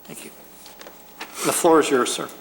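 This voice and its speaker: A man's voice: fairly high pitch, normal speed, gravelly, a little hiss or hum. Man chairing a village meeting, easygoing. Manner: informal, lightly joking. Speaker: commission chairman. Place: municipal meeting chamber.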